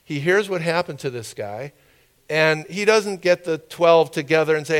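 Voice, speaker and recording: A man's voice: on the high side, normal speed, clear, resonant tone. A man preaching a sermon in an informal, conversational way, with asides and questions to the congregation.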